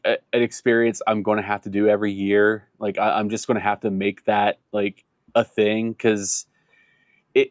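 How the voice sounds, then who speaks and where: A man hosting a casual podcast chat, rambling through his thoughts with lots of fillers and false starts. His voice sits in a middle pitch. The sound is dry and close to the mic. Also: dry recording. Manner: rambling, many fillers and restarts. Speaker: podcast host.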